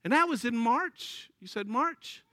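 Guy preaching, high bright voice, folksy storytelling, dry close sound. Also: expressive, a little slow, dry recording. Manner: folksy, storytelling, laughs often. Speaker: pastor. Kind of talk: sermon.

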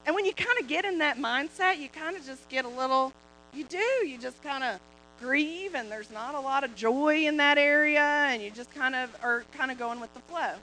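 Bright, chatty woman sharing in church. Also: high-pitched, normal speed, slight background noise, low-quality recording. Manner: chatty, laughing, many fillers. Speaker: co-pastor, preacher's wife. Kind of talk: casual sermon talk.

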